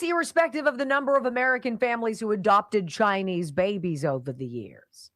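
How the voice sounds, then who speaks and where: A woman's voice: mid-range voice, fairly quick, hardly any pauses, no room sound. Emphatic woman talk radio host. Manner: animated and emphatic, mocking in mimicry. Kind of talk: opinionated talk radio monologue.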